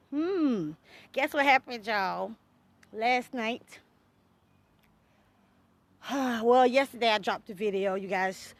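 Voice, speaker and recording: A woman's voice: on the high side, slow pace, long pauses, no echo. A woman vlogging straight to her viewers in casual talk, blunt and chatty, swearing freely and calling them y'all and you guys. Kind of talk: casual direct-to-camera talk.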